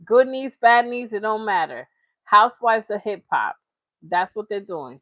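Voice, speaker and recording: A woman's voice: medium pitch, very animated, unhurried, no room sound, narrow, tinny audio. A woman hosting a reaction channel, talking in casual, chatty commentary with frequent laughs. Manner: chatty, laughing, slips into mocking impressions.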